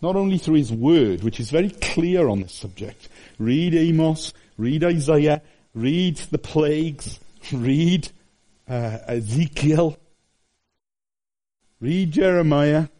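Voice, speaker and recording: A man in his fifties, from Wales, preaching a conversational sermon that swings between high exclamations and hushed asides. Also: lively intonation, slow. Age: 50s.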